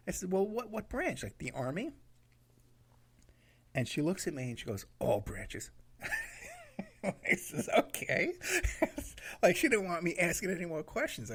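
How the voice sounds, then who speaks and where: A man's voice: a little high, creaky, slightly rough. A man telling a rambling road trip story in a casual way, laughing at his own anecdotes and acting out what people said.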